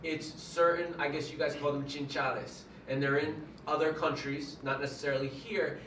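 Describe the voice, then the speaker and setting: A man's voice: on the high side, fairly even intonation, moderate pace, fairly bright tone. A man hosting a casual chat, frank and opinionated, swearing now and then. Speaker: host. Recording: echoey room, mic far off, ambient noise.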